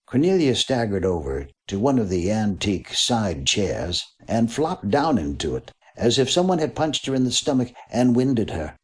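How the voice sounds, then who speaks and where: Expressive male audiobook narrator. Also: fairly low pitch, normal speed, few pauses. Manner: expressive reading with voiced characters.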